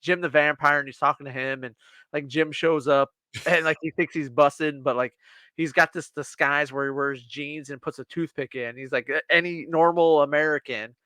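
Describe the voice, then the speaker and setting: A man chatting on a podcast, excitedly recounting TV episodes and acting out the scenes as he goes. His voice sits a bit high and sounds bright and forceful. The recording is dry and close, with no room sound. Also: moderate pace, dry recording. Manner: animated retelling, acting out scenes. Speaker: podcast co-host. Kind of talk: casual chat.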